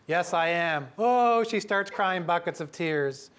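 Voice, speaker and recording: A middle-aged man from Canada telling a lively story to an audience, acting out the voices of the people in it. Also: fairly high pitch, a little slow. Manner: lively, acts out quoted voices. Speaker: professor telling a story at a talk.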